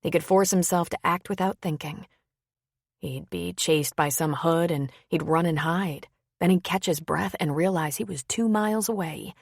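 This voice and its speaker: Woman narrator, low gravelly voice, steady audiobook reading. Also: normal speed, no room sound, studio quality. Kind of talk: scripted narration.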